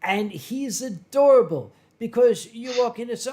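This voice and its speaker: A man's voice: very high-pitched, animated, normal speed, few pauses. Joking, swearing male podcast host. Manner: loud, joking, swears freely. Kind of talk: casual podcast chat.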